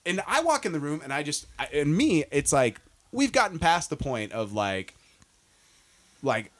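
A man's voice: a little high, big pitch swings, moderate pace, a bit bright. Laughing, profane man in his forties. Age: 40s. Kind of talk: casual chat.

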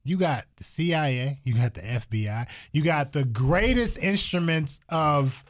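A man in casual chat, animated and rambling, swearing freely and going off on asides. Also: fairly high pitch, unhurried.

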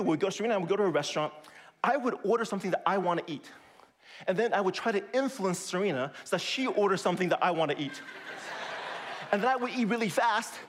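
A man's voice: high-pitched, a bit bright, slight background noise. A middle-aged male pastor giving a sermon in a conversational, emphatic way, with self-deprecating humor.

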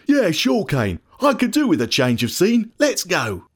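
A friendly, easygoing young man answers eagerly, as a man reads him out in a storybook. His voice sits on the higher side and moves lively in pitch. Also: measured pace, breathy edge, exaggerated voice. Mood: cheerful.

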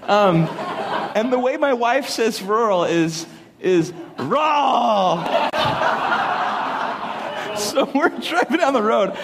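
A young adult man, a pastor, preaching a sermon at a church service, mixing lively family stories and laughter with earnest points. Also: very high-pitched, unhurried, very noisy. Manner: animated, laughing storyteller who then turns earnest. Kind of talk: sermon with humorous storytelling.

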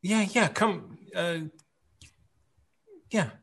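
A man's voice: sits high, very slow, a bit bright, husky. A man taking part as a player in a tabletop role-playing game, talking with hesitant fillers. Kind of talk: casual tabletop play.

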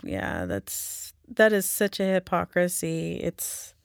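A woman hosting a podcast, speaking in a slow, measured and thoughtful way. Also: lowish voice, sing-song, vocal fry, no echo, studio quality. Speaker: podcast host. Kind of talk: reflective interview conversation.

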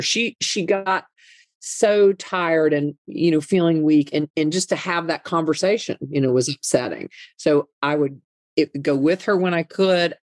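A woman's voice: low voice, dry recording, clean studio sound. A middle-aged woman speaking earnestly in an interview, emphatic and often repeating words as she tells a personal story. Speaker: guest, mother and advocate. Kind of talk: conversational interview.

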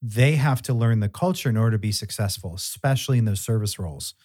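A man's voice: fairly low pitch, quick pace, a little mellow, husky. A man hosting a casual interview podcast, thoughtfully summing up his guest's points. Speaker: podcast host.

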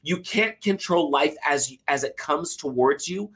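A podcast guest, a man from Utah, talks in a slightly high voice. He explains things animatedly and keeps a casual, friendly flow. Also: measured pace, slightly rough. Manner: animated, acts out everyday complainers in mock voices. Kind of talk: casual chat.

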